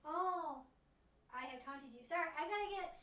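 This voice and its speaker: High-voiced young woman streamer. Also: normal speed, bright, forceful tone. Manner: emphatic, chatty, doting baby talk to her pet. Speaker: streamer host. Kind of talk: casual livestream chat. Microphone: desk microphone.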